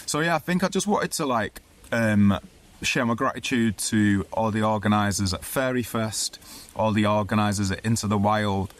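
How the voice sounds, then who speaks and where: A young man with a broad Mancunian accent and a somewhat low voice talks in a loose, casual way. He rambles with plenty of fillers and sounds effusive. He reads as a ceremony facilitator sharing his thoughts. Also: normal speed. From Manchester, England. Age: young adult. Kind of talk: casual spoken reflection.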